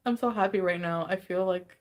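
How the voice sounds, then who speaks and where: A woman chatting casually on a livestream, tired and giddy, greeting viewers with bubbly squeals. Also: lowish voice. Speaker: livestream host.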